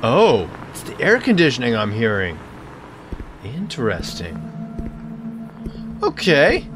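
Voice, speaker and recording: A man's voice: medium pitch, wildly swooping pitch, slow pace, music in the background. A man giving jokey let's-play commentary, talking back to the game and stuttering when startled. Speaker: gaming channel host.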